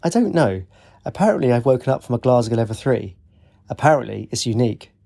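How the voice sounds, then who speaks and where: A man's voice: mid-range voice, lively intonation, fast talker, vocal fry, warm tone. A man voicing a tired young woman student in an audiobook, teasing and lightly sarcastic.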